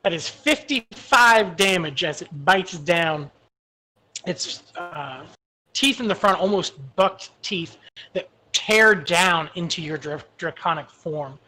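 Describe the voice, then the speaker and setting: A woman's voice: lowish voice, lively intonation, takes it slowly, bright, forceful tone. A woman running a tabletop game as game master, narrating monster attacks with hesitant fillers. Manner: descriptive, hesitant with many fillers.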